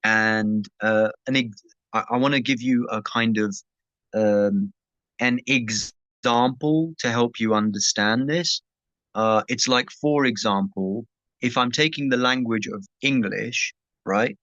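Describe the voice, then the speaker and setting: A man gives a relaxed, conversational teaching session, answering questions at a medium pitch and often stopping to ask "right?". The recording sounds muffled and lo-fi, and it is dry with almost no room echo. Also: slow pace. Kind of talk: casual Q&A teaching.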